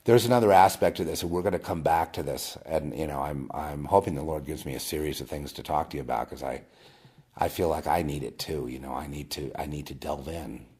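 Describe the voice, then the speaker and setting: A man giving a rambling personal testimony as host of his own video, with frequent restarts and swings between loud emphatic bursts and quiet murmurs. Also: very deep voice, a little fast, breathy edge.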